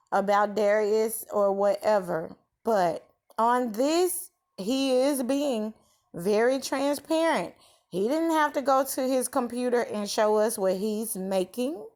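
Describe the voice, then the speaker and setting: A woman commenting on another creator's video in a deliberate, preachy way. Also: a little high.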